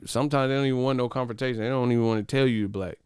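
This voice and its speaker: Ranting profanely and with energy, a man who hosts a boxing channel talks casually to his livestream audience at a racing pace. His voice is smooth, clear and mid-range, captured dry and close-miked with no echo.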